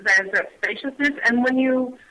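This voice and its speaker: A woman guest on a radio talk show who explains things gently and hesitantly, with many pauses and restarts. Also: fairly high pitch, low-quality recording. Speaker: guest on mindfulness. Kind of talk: casual radio chat.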